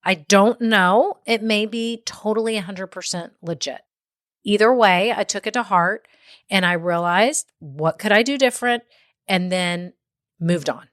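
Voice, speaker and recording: A woman's voice: medium pitch, unhurried, fairly bright tone, no room sound, studio quality. A woman hosting a podcast and giving business advice in a chatty way, often checking in with "okay?" and "right?". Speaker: podcast host. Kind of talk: solo business advice talk.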